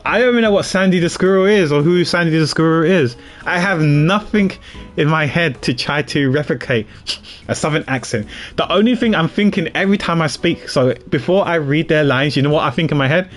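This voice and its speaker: A man's voice: on the high side, a little fast, faint music behind. A man streaming a video game, chatting casually and poking fun at himself. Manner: chatty, self-mocking, rambling. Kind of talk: casual livestream commentary.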